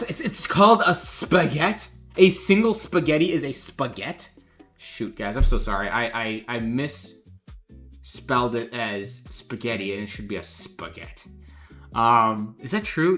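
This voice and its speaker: A chatty man hosts a live stream, rating fan art and reading out viewer messages between jokes and laughs. His voice is bright and swoops up and down with excitement. Light music plays quietly underneath. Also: fairly high pitch. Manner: chatty, jokey, reads donations aloud, laughs often. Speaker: game developer streamer judging fan art. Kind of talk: casual livestream commentary.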